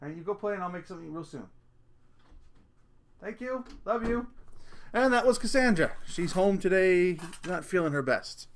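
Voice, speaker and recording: A man with a high-pitched voice talks a little fast and rarely pauses while hosting a rant video from home, wandering through crude, jokey stories and correcting himself along the way. There's a little hiss or hum on the recording.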